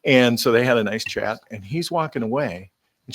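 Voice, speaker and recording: A man's voice: medium pitch, normal speed, no room sound. An older man as a studio guest, telling a story casually and acting out the quoted lines. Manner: animated anecdote teller, acting out quoted dialogue. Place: radio studio.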